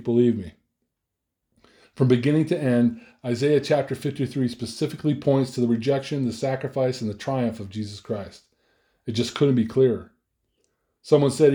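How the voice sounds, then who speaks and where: A man's voice: medium pitch, dark tone. A man preaching a sermon as pastor, earnest and emphatic, often repeating himself for stress.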